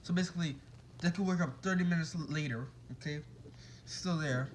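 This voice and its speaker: A man's voice: fairly high pitch, a little fast, slight background noise, low-quality recording. Man rambling through a made-up story. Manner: rambling, with restarts and asides to listeners. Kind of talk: casual improvised fan-fiction storytelling.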